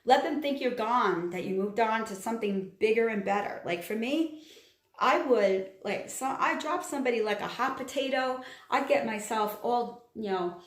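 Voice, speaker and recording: An astrology channeler with a slightly high voice gives a casual, tarot-style reading to camera at a moderate pace, in a reverberant space. She's chatty and emphatic, repeating her points and laughing at herself.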